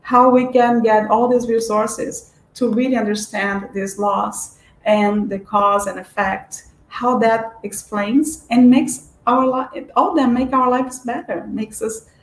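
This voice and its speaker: A woman's voice: on the high side, steady tone, slow pace, slight background noise. A woman giving a spiritual lecture in an earnest, searching way, with frequent restarts and fillers. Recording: echoey room.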